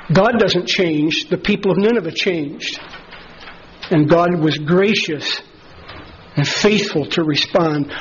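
A man preaching a sermon as pastor, earnest and measured, slowing down to stress key phrases. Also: high-pitched, slightly rough, lo-fi sound.

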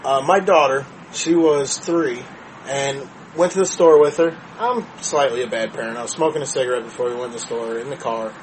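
A man in his thirties, a podcast co-host, telling a story in casual chat, profane and animated. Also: mid-range voice, a little fast, slight background noise, rough recording.

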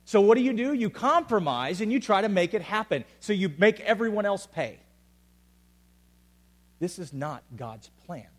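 A man preaching a sermon as pastor to a congregation, swinging between loud urgent calls and quiet, intimate asides. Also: high voice, very animated, moderate pace. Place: church hall with an audience.

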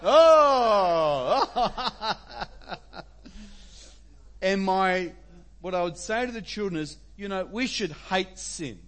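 A man's voice: sits high, normal speed, fairly bright tone. A man preaching a sermon as pastor, conversational and emphatic.

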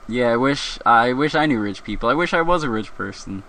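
This host from around Philadelphia keeps his live show loose, wandering from joke to joke and laughing a lot. He talks fairly quickly in a mid-range voice that sounds pushed and bright, with lively intonation.

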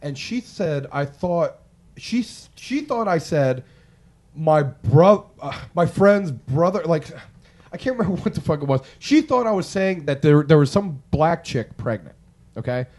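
A man spins a long, rambling anecdote in a loose group chat, swearing freely. He acts out the other people in the story as he goes. His voice sits a little high for a man. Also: unhurried. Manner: rambling, profane, animated, acts out quotes. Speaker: podcast co-host telling a story.

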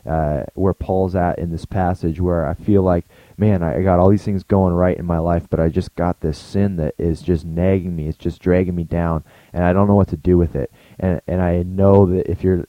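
A pastor gives a short, earnest daily devotional, talking conversationally and frequently restarting his sentences. His voice is low-pitched, and the sound is lo-fi with no echo.

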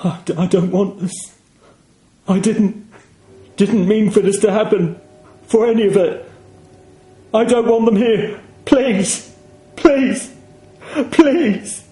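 A super high panicky voice, sobbing man begging, slow and dark-toned, echoey room. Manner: desperate, pleading, cracking.

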